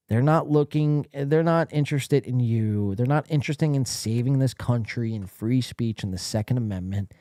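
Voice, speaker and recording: A man's voice: mid-range voice, mellow, no echo, studio quality. Blunt profane male stream host. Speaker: live stream podcast host. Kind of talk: casual ranting commentary.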